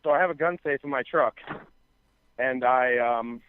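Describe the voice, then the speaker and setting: A man's voice: mid-range voice, moderate pace, slight background noise. Rambling man telling a story, tinny sound. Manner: rambling, filler-heavy, profane, acts out quoted dialogue. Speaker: podcast co-host. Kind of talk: casual storytelling chat. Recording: dry, tinny phone-like sound.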